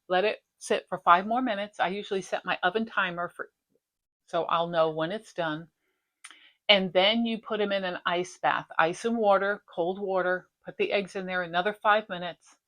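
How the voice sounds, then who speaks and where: A middle-aged woman hosting a stitching vlog, chatting casually and rambling from one topic to the next. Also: fairly low pitch. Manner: chatty, rambling, warm-hearted. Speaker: flosstube host. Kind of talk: casual chat.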